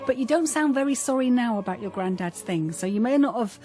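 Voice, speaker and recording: A woman co-hosting a radio show, delivering a measured, teasing judgement in casual chat. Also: a little high, lively intonation, warm tone.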